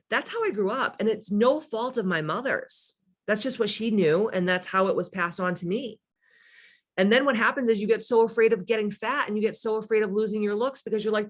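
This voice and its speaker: A middle-aged woman with a smoky, medium-pitched voice talks briskly while hosting a casual livestream as a spiritual coach. She reads viewer comments and speaks candidly, swearing, laughing often and tossing in playful asides.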